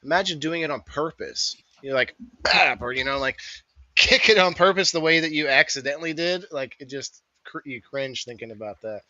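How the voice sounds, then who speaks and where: A man's voice: a little high, fairly quick, bright, forceful tone, no echo, muffled recording. A man hosting a casual live stream, rambling and joking as he greets viewers by name. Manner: rambling, jokey, addresses chat viewers by name. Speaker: livestream host.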